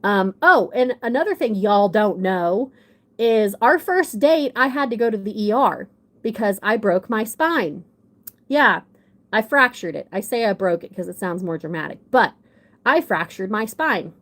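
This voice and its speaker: A woman's voice: mid-range voice, expressive, unhurried, a bit bright. Woman, young adult, casual storytelling, rambling, self-deprecating, runny nose. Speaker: livestream guest.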